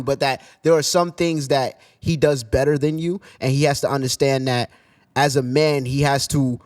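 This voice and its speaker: A man co-hosting a casual discussion, talking in a halting way with frequent restarts and hedges. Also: a little high. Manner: halting, restarts often, hedging.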